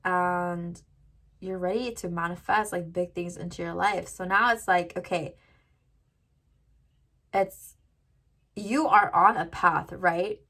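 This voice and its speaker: A woman's voice: lowish voice, fairly even intonation, slow pace, long pauses, a bit bright. A woman giving a casual tarot reading to viewers, chatty and full of "like" fillers. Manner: chatty, lots of "like" fillers, addresses viewers directly. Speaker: tarot reader.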